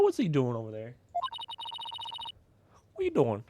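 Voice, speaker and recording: A man's voice: mid-range voice, huge pitch swings, measured pace, pauses often, noisy background. A man streaming a game live, chatting casually and wryly with some swearing while reading dialogue aloud. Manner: casual, profane, wry. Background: game music.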